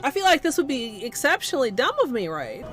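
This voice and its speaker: Playful high-voiced woman streaming with music. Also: very animated, fast talker, a bit bright. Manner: silly, crude and playful. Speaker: livestreamer. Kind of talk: casual livestream chat.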